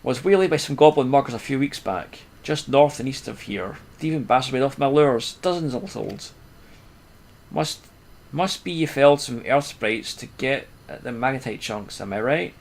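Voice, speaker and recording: A man voicing a broken, weary older fisherman in a video game, grumbling in a rough rustic dialect. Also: medium pitch, moderate pace, close to an everyday voice. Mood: gloomy.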